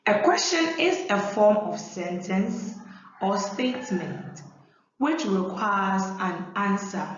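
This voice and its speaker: A woman teacher giving a lesson to young pupils, repeating each point slowly and clearly. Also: medium pitch, a little hiss or hum. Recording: very echoey room, dull lo-fi sound.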